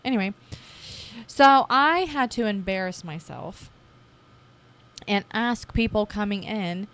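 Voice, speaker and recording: Young woman podcast host, casual confessional monologue, mid-range voice, lively when reenacting herself. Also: medium pitch, normal speed. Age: 20s. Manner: chatty, animated when acting out her past self.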